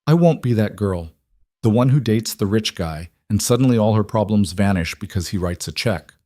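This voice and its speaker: A man's voice: on the low side, lively intonation, normal speed, warm tone, dry recording, clean studio sound, natural voice. A man voicing an exhausted, proud young working woman in a storybook reading, his voice raised for her. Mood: strained. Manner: strained, weary, defensive.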